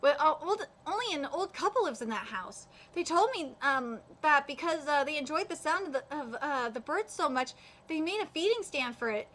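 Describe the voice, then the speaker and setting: A woman's voice: high-pitched, animated, moderate pace, pushed and bright. A woman reading as a sly, teasing male exorcist. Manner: read aloud with hesitant fillers.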